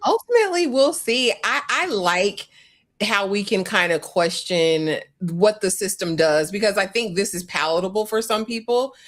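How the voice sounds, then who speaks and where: A woman hosting a live panel discussion, talking in a relaxed, chatty way and putting questions to her panelists. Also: lowish voice. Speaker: host.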